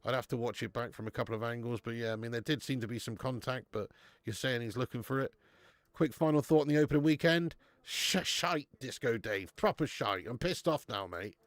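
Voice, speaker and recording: A man's voice: medium pitch, a little fast, dry recording. A man hosting a live football watch-along from home. He chats casually, swears freely and calls out viewers by name. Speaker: live stream host.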